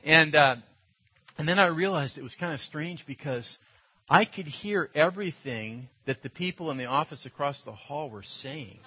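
Husky-voiced pastor telling stories. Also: male voice, fairly high pitch, moderate pace. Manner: conversational, anecdotal, laughs often. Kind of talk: storytelling sermon. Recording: dull lo-fi sound.

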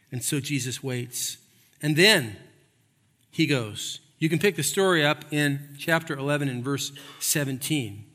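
A man's voice: fairly high pitch, fairly bright tone, in a large hall. A man preaching a sermon as pastor, telling a story with humor and building to emphatic points, in a church. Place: church sanctuary.

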